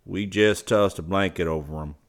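A man voicing a lanky male ranch hand who talks slowly and plainly. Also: low-pitched. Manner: slow, plain talk.

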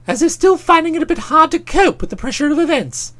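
A woman narrating a comic audiobook in a brisk, expressive storytelling manner. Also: high-pitched.

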